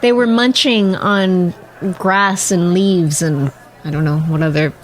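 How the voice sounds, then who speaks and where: A woman's voice: fairly low pitch, fairly even intonation, takes it slowly, slight background noise. A woman chatting casually and affectionately as a podcast co-host at a cafe. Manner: affectionate, giggly. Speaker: co-host partner. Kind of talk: casual chat.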